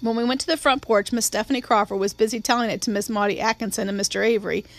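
Woman with a higher voice reading a novel. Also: fairly even intonation, quick pace. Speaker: audiobook narrator. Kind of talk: scripted narration.

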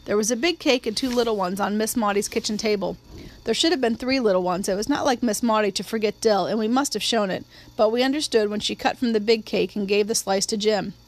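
A woman giving a steady, measured audiobook narration of a novel. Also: medium pitch. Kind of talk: scripted narration.

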